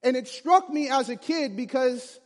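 Man, from Chicago, high-pitched, humorous storytelling, acts out the characters, reverberant hall. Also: normal speed. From Chicago, USA. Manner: lively, acts out the people in his story. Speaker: storyteller speaking to an audience. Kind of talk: humorous personal storytelling talk.

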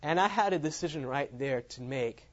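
A man's voice: fairly high pitch, animated, normal speed. A man giving a sermon as he tells a personal story, laughing often at his own lines. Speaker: preacher. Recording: dull lo-fi sound.

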